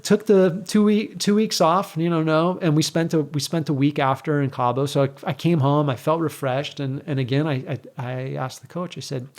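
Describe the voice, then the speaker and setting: A middle-aged man, a guest on an interview show, telling a story in a casual, animated way and acting out the exchanges he quotes. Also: fairly high pitch.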